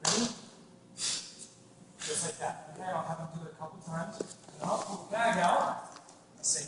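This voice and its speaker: Guy teaching martial arts, kinda high voice, loud yells, recorded far off in a big echoey hall w/ noise. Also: unhurried, pauses often. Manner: coaching, shouts loud spirit yells and counts. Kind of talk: demonstrating a class to an adult student.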